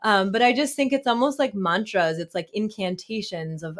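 A woman in her thirties, a therapist and author, talking as a guest in a casual interview, reflective, with frequent fillers and soft laughs. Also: mid-range voice, normal speed.

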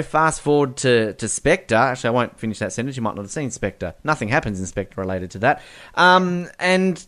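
Guy on a movie podcast rambling excitedly, lots of um and like, regular mid pitch. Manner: enthusiastic, rambling with many fillers and restarts. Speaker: podcast co-host. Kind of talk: casual film discussion.

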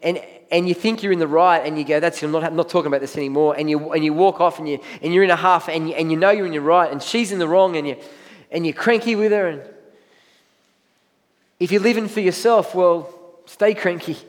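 This pastor's sermon is delivered a little fast in a high voice, echoing through a large church hall. He keeps it conversational and gives voice to what people tell themselves inside.

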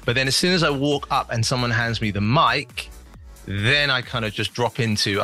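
A man's voice: medium pitch, moderate pace, sharp tone, faint music behind. A male musician guest chatting in an interview, reflective and rambling with many restarts. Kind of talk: casual interview chat.

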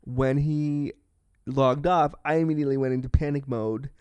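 A man's voice: mid-range voice, fairly even intonation, moderate pace, darkish tone, clean tone, no room sound. A man hosting a podcast, telling a candid personal story in a frank, self-deprecating way, swearing freely and acting out the people in it. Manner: acts out the people in his story. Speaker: podcast host.

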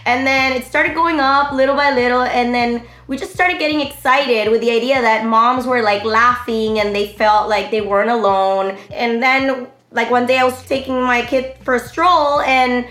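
A woman in her thirties, a guest telling her story in an animated, rambling way full of fillers. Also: on the high side, moderate pace, few pauses. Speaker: interview guest, online comedy creator. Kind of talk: casual interview chat. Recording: roomy echo.

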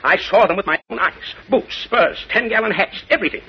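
A haughty, blustering bank president who demands answers and scorns the police, voiced in 1940s radio acting. His voice sits high and husky and the lines come fast. It sounds like a dull, lo-fi old radio broadcast. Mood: indignant. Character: pompous indignant middle-aged male bank president.

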